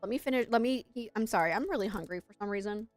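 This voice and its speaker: A woman's voice: medium pitch, fast, no room sound, faint music behind. A woman streamer chatting on a live gaming stream, rambling and self-deprecating, who also works as an English teacher.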